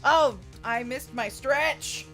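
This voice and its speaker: A woman's voice: sits high, slow, a bit bright, soft background music. Giggly young woman streamer. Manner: giggly and chatty. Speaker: gaming streamer. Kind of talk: casual let's-play commentary.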